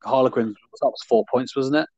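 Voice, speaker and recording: A man's voice: mid-range voice, a little fast, a little mellow, no echo. Easygoing man, dull dry sound. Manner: easygoing, rambling, with fillers. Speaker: podcast co-host. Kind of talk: casual chat about rugby.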